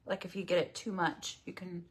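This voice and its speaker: Chatty husky woman doing a makeup stream. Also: on the low side, level tone, moderate pace. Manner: chatty, rambling, talks to viewers. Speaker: beauty livestream host. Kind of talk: casual makeup tutorial livestream.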